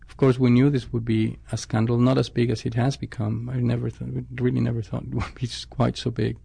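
A male scientist speaks in a gravelly, creaky voice at a middle pitch. He answers interview questions in a reflective way and often stops to restart his sentences. The sound is close and dry. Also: little pitch movement, a little fast, dark tone, no room sound. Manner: thoughtful, with frequent restarts and self-corrections.

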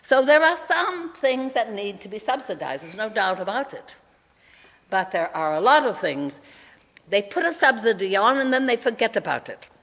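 A woman in her nineties, speaking earnestly and emphatically in an interview, slowly repeating key figures. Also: medium pitch, very animated, fairly bright tone, big-room sound. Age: 90s. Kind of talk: conversational interview.

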